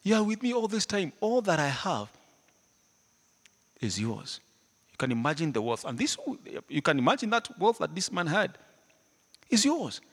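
A man preaching a sermon, animated, swinging between loud emphatic lines and hushed ones, often laughing. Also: a little high, normal speed, pauses often. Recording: hall reverb.

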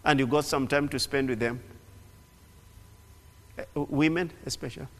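A man preaching a sermon in an animated way, repeating phrases and often restarting. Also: mid-range voice, normal speed. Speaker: pastor. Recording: long hall reverb.

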